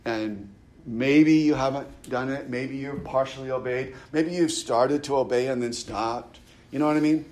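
Speaking at a moderate pace in a mid-range, somewhat dark voice, a man preaches a sermon in a conversational style. Restarts and stammered repetitions are frequent, and his scripture readings rise in emphasis.

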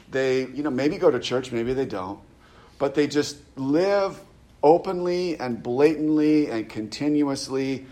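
A man preaching a sermon, often stopping short to repeat words and asking "right?" after his points. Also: mid-range voice. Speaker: pastor.

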